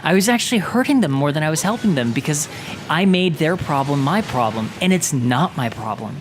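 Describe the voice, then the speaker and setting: A man's voice: fairly high pitch, expressive, a little fast, faint music behind. A man hosting a casual chat over a video game, telling a long story in a rambling, self-interrupting way. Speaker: host.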